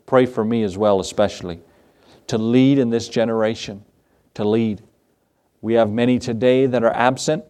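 A man's voice: mid-range voice, darkish tone. A man preaching a Father's Day sermon as a pastor, earnest and given to repeated refrains. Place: church.

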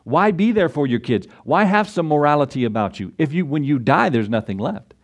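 A man's voice: on the high side, lively intonation, brisk. A man preaching a sermon as pastor, emphatic and full of rhetorical questions, acting out the voices he quotes.

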